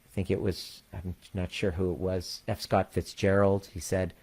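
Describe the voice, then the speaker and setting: A man leading an online community, telling a personal story plainly and swearing freely, then slowing down to stress his point. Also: low voice, flat delivery, darkish tone. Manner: slows down to stress key points. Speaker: coach and community leader.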